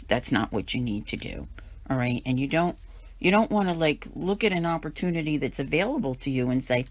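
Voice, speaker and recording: A woman's voice: sits low, no room sound. Woman tarot reader, emphatic and chatty, dry close sound. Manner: emphatic, conversational, acts out worried inner voices. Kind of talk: weekly tarot reading.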